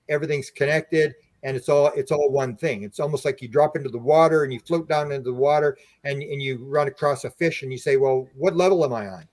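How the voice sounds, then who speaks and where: A man speaking as a podcast guest, explaining at length in an earnest, rambling way full of restarts. His voice sits at an ordinary pitch. The sound is dry and close, with no room echo. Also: darkish tone. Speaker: podcast guest, UFO researcher. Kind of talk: conversational interview.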